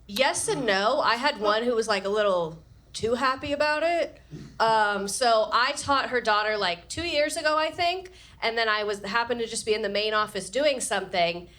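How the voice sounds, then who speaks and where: A woman's voice: a little high, expressive, moderate pace, a bit bright. A woman, a comedian and teacher, telling wry, punchy stories at a live comedy Q&A.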